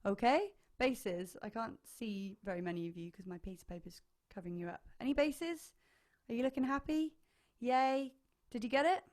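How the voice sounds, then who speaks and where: Higher-pitched woman leading a choir online. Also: animated, normal speed, a little mellow. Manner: chatty, sings short phrases to demonstrate parts; enthusiastic, hesitant fillers. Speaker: choir leader. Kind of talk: online choir rehearsal teaching.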